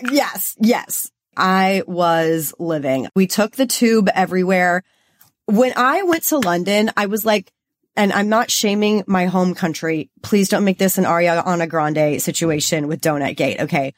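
A woman's voice: fairly low pitch, unhurried. A young woman from Los Angeles co-hosting a podcast, talking in a bubbly, chatty way and saying "like" a lot. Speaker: podcast co-host. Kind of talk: casual chat.

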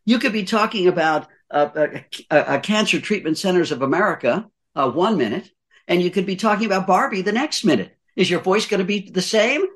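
Hombre mayor que aconseja con énfasis. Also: male voice, high-pitched, lively intonation, a little fast, fairly bright tone. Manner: emphatic, rhetorical questions, repeats key points. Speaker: guest voice-over coach. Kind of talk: podcast conversation, giving advice.

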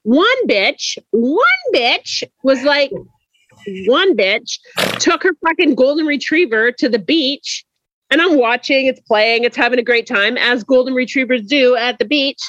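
A woman's voice: sits high, expressive, unhurried, fairly bright tone, no room sound. A woman chatting as a podcast guest, a little drunk, telling stories bluntly and with plenty of swearing. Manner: blunt and profane. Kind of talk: casual chat. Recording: dull, dry podcast audio.

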